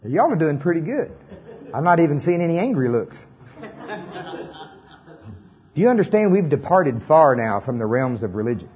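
A man's voice: on the high side, brisk, dull audio. A middle-aged man preaching and leading a congregation in repeated lines, with joking asides. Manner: animated, joking asides, leads congregation in repetition. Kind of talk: sermon with call-and-response.

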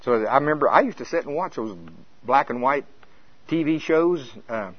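A man's voice: mid-range voice, lively intonation, moderate pace, dry recording, dull audio. An older man preaching a sermon in a folksy, impassioned way that rises and falls.

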